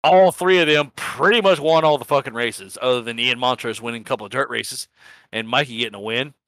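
A man's voice: medium pitch, fairly quick, a bit bright, dry recording. A man recapping a sim racing season in a casual, rambling chat, swearing freely and laughing at himself. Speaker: sim racing league organizer and podcast host.

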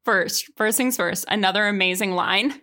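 Bright-voiced young woman chatting animatedly. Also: mid-range voice, normal speed. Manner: animated, laughs often, acts out quotes. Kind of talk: casual film chat.

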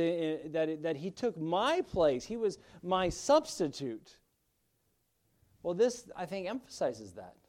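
A man's voice: a little high, darkish tone. A middle-aged male pastor preaching a sermon, emphatic at times, with frequent restarts and fillers.

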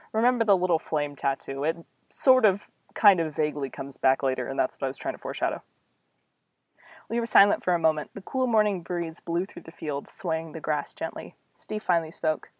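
A woman's voice: fairly low pitch, expressive, brisk, no echo. A young woman reading her own old story aloud, breaking off for wry, self-mocking asides. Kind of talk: reading aloud with casual commentary.

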